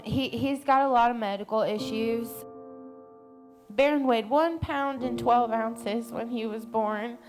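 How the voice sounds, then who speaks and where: A woman who works as a peer coach in recovery speaks candidly and personally in a documentary interview. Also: fairly high pitch.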